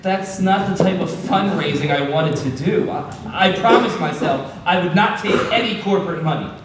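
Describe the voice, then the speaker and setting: An earnest, hesitant man who stammers as he makes his case in a comedy sketch. His voice sits slightly high for a man. The room is very echoey and the mic is distant. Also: moderate pace, very noisy. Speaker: political candidate.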